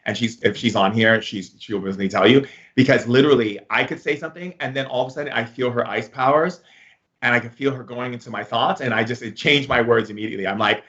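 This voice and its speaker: A man's voice: mid-range voice, fast talker, fairly bright tone, highs cut off. Rambling man giving a spiritual lesson. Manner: rambling, heavy use of filler words. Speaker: spiritual teacher. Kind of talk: casual spoken lesson.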